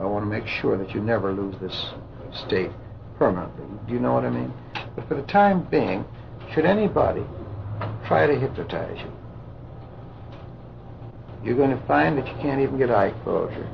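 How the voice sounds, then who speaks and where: A man instructing doctors in a live hypnosis demonstration, giving slow soothing suggestions and lecturing with indignation. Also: fairly low pitch, creaky. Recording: muffled old recording with loud hiss.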